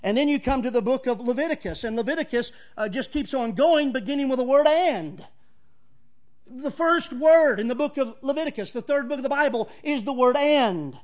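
A man with a very high voice delivers a sermon from the pulpit. He mixes relaxed, chuckling asides to the congregation with emphatic, rising readings of scripture that build to near-shouts. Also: moderate pace. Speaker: pastor. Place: church.

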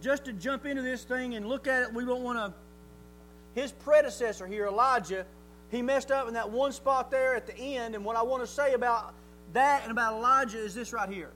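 Male preacher, very high voice, folksy and animated, faint hum behind. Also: brisk, low-quality recording. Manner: folksy, animated storytelling, rises to near shouting. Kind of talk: sermon.

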